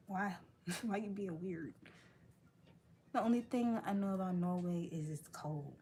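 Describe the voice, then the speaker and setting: A woman chats casually for her vlog as she works, joking and laughing often. She talks at an unhurried pace in a mid-range voice, with faint noise in the background. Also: mid-range voice, warm tone. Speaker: vlogger. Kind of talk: casual chat while working.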